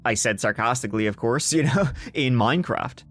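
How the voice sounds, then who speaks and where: A man recounts a crime case in a podcast, breaking into sarcastic, profane outbursts. His voice sits at a middle pitch. Soft music plays faintly under him. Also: brisk. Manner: sarcastic, swearing, animated outbursts. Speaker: podcast host. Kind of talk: true crime storytelling.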